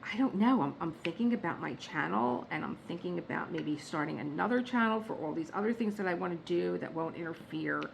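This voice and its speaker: A woman vlogging from her home workspace, telling stories in a chatty, animated way and laughing at her own jokes. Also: on the low side, brisk, vocal fry, few pauses, a little hiss or hum, low-quality recording. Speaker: diamond painting vlogger. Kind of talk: casual storytelling chat.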